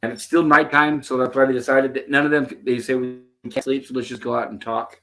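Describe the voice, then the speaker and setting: Male host of mid pitch, chatty commentary, acts out bits of dialogue. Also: steady tone, a little fast, a bit bright, soft background music. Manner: retells scenes, quoting the characters' lines. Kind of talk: casual episode commentary.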